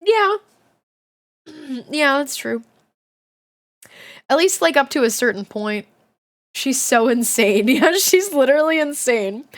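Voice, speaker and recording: A young woman with a fairly high voice reads a book aloud on a live stream. She keeps stopping to chat, giggle and swear offhandedly. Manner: giggly, chatty, swears casually. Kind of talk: casual livestream reading and chat.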